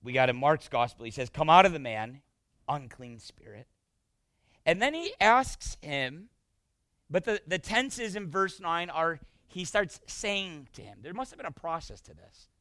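A male pastor preaching a sermon, emphatic and swinging between loud bursts and hushed passages. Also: a little high, very animated, normal speed, no echo.

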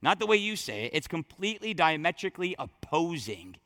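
A man preaching a sermon to his congregation, talking straight to them with emphatic, conversational delivery that drops low and surges back up. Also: big pitch swings, brisk, sharp tone. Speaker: pastor. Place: church sanctuary.

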